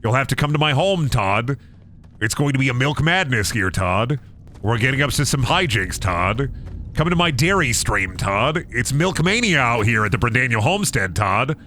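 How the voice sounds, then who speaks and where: Lively, bright-voiced male streamer. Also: medium pitch, moderate pace. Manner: profane, joking, riffing to chat. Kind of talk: casual gameplay commentary.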